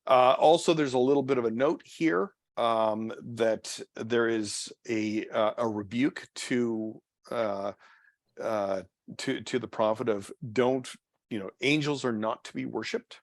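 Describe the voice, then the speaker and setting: A man with a medium-pitched voice speaks a little slowly while leading a Bible study in a church meeting room. He talks off the cuff, with many fillers, restarts and unfinished phrases, and the recording has no room sound.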